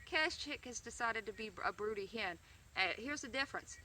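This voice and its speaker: A woman's voice: on the high side, lively intonation, normal speed, pushed and bright, distant mic, slight background noise. A woman chatting casually to camera about her chickens, rambling with fillers and restarts. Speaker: backyard chicken keeper vlogger. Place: outdoors by a chicken coop.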